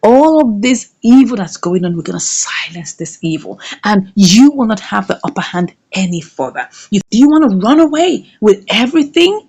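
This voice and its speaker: A woman's voice: medium pitch, expressive, normal speed, hardly any pauses, a little mellow, breathy edge, voice pushed down. A woman voicing a bold young woman who stands up to a bully, in a defiant, indignant way.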